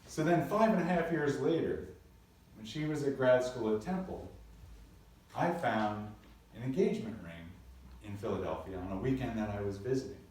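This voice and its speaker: A man's voice: medium pitch, animated, moderate pace, darkish tone. A man, a pastor, preaching a sermon in a church, earnest and storytelling with playful asides. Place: church sanctuary. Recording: very echoey church from a distant mic.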